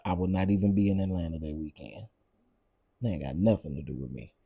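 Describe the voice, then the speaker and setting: A man's voice: sits low, fairly quick, vocal fry, warm tone, slightly rough, dry recording, lo-fi sound. A man hosting a casual commentary show, sassy and gossipy, laughing often and repeating lines for effect.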